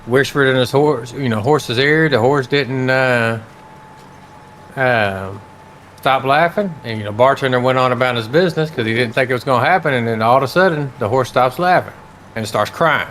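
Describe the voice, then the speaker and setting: A man's voice: mid-range voice, moderate pace, fairly bright tone, a little hiss or hum. Rambling man telling a long joke. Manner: rambling storyteller, many fillers and restarts. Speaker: live-stream co-host. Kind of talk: casual joke-telling on a game stream.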